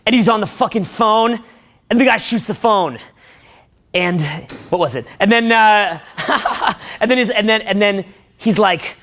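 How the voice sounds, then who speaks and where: A man delivers a profane dating-advice rant in a high, ringing voice. He swears constantly and gets more and more excitable, breaking into loud shouts as he acts out movie scenes.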